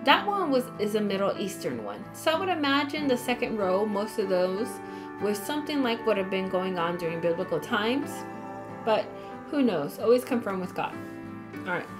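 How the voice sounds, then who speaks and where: A woman's voice: medium pitch, very animated, normal speed, over music. A woman giving a casual Bible study, reading scripture aloud and adding chatty, apologetic asides. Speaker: Bible teacher.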